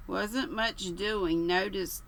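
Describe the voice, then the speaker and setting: A woman's voice: mid-range voice, fairly even intonation, slow pace, vocal fry, fairly bright tone, low-quality recording. A woman voicing a dim, vague young Englishman who rambles and halts as he talks.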